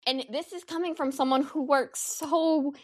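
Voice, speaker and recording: A young woman hosting a casual solo podcast, animated and slangy, swearing freely as she talks. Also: high-pitched, normal speed, dry recording, studio quality. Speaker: podcast host.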